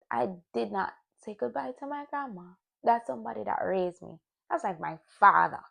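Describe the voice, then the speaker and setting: A young woman speaks candidly to camera in a personal vlog, looking back over her year. Her voice has a gravelly, fry-edged texture, and her pitch sits in a middle range. She pauses and restarts as she reflects. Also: fairly bright tone. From Jamaican family. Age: young adult. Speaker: vlogger.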